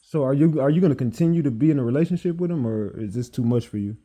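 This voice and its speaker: A man's voice: mid-range voice, fast, dark tone. A man interviewing a guest, asking blunt, probing questions in a casual way.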